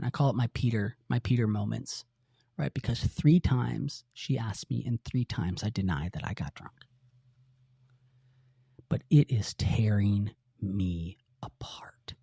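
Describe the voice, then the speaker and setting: A middle-aged man hosting a podcast, telling a personal story in an earnest, halting way with many restarts. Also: medium pitch, vocal fry, warm tone, slightly rough, dry recording, clean studio sound. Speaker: podcast host.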